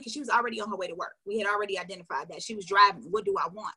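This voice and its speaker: A woman sales coach tells a story to her viewers in an animated way, acting out the dialogue and speaking to them directly. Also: medium pitch, very fast, breathy edge.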